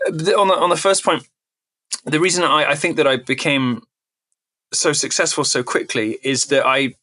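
A man speaking as a podcast guest, animated and emphatic, often restarting his sentences. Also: a little high, moderate pace, dry recording. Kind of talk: podcast interview talk.

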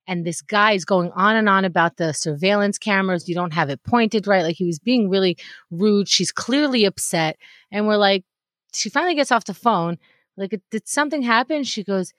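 A woman's voice: mid-range voice, no room sound. Dry-sounding woman telling a story. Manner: animated anecdote telling. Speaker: podcast co-host. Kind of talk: casual storytelling.

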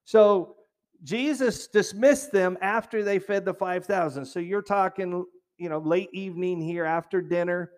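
High-voiced man preaching a casual sermon. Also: a little slow. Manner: conversational, asks the congregation questions; jokey asides, restarts phrases.

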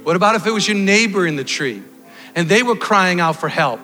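A man preaching a sermon, swinging from loud exhortation to quiet storytelling. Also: sits high, expressive, fairly quick. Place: church hall. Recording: long hall reverb with faint music.

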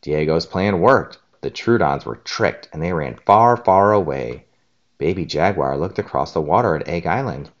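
A man reading a storybook aloud to his child in a gentle, expressive way. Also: sits low, moderate pace, highs cut off.

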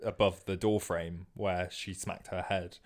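A man co-hosting a comedy podcast, improvising a silly story with a partner, laughing often and dropping into quick character voices. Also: low-pitched, flat delivery.

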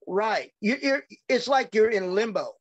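A man's voice: sits high, expressive, a little slow, no room sound. Man, wrestler, chatty storyteller, swears a lot, acts out the dialogue, dull lo-fi audio. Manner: rambling anecdotes, acts out quoted dialogue, swears freely. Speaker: professional wrestler. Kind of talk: casual podcast storytelling.

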